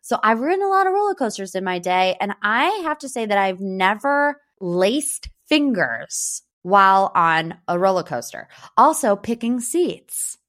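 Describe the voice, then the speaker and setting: A young woman from Northeast Ohio hosting a podcast, chatting about pop culture in a gossipy, animated way. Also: medium pitch, unhurried, hardly any pauses. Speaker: podcast host. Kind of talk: casual pop-culture chat.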